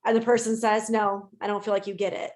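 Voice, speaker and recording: A woman co-hosting a podcast in casual chat. She is candid and swears freely. She gets animated when she makes a point. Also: mid-range voice, fast. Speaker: podcast co-host and therapist.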